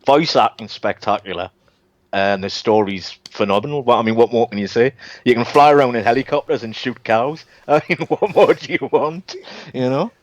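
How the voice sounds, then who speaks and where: A man's voice: medium pitch, normal speed, dry recording, highs cut off. A man calling into a live show, talking bluntly and wryly with enthusiasm. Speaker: caller. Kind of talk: casual chat over a call.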